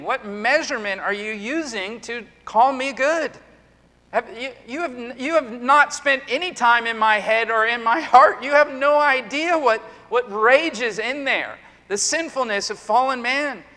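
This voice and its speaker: A man's voice: very high voice, animated, unhurried, sharp tone. A middle-aged male pastor preaching an earnest sermon, full of emphatic rhetorical questions. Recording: long hall reverb.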